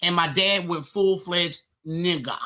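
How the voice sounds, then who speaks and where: A woman on a casual podcast who talks bluntly, swears a lot and breaks into loud laughter. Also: fairly low pitch, a little slow.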